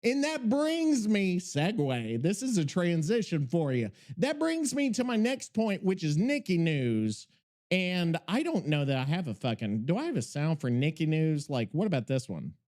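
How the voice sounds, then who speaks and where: A man's voice: on the high side, big pitch swings, normal speed, darkish tone. A man hosting a podcast in a casual, rambling way, swearing often and breaking off mid-thought while he works on something. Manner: profane, scattered, self-interrupting, working while talking. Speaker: podcast host.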